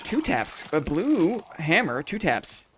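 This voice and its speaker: A man's voice: fairly high pitch, very animated, slow, background noise. A man from Canada, streaming a game live and chatting with his viewers in a goofy, joking way. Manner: goofy, jokey, chatty with chat.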